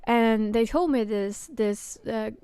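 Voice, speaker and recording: Woman, casual chat, halting with lots of fillers, smooth clear voice, dry close sound. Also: fairly high pitch, dark tone, no echo. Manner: halting, many fillers and restarts. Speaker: podcast host.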